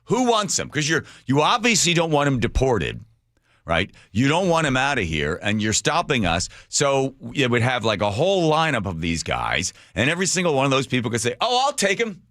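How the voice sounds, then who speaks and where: A man's voice: medium pitch, big pitch swings, normal speed, a bit bright, dry recording. A man hosting a talk radio show, delivering sarcastic commentary full of mocking rhetorical questions into a studio microphone.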